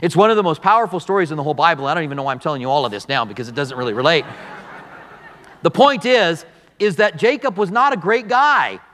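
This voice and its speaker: A man pastor preaching a verse-by-verse sermon, telling the story with animated delivery and acting out the dialogue. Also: on the high side, quick pace, in a large hall.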